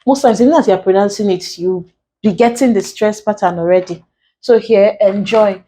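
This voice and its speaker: A Nigerian woman with a Nigerian English accent teaches an online exam lesson, deliberately working through every answer step by step. Her voice is medium-pitched and mellow.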